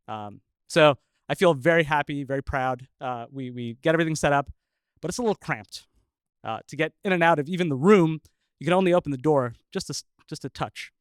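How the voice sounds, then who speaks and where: A man who is a scientist telling a personal story live, chuckling often and pausing with filler uhs. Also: on the high side, clean tone, no room sound.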